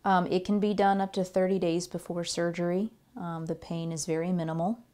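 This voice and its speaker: A woman surgeon explains a procedure in a calm, matter-of-fact way, pausing on small fillers. Her voice is low and mellow. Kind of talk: interview answers.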